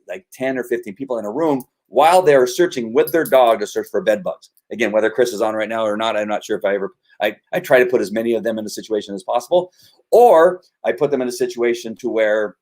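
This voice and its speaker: A man's voice: mid-range voice, darkish tone. Rambling man who trains dogs. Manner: rambling, with many restarts and repeated words. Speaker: dog trainer. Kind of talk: casual explanatory talk.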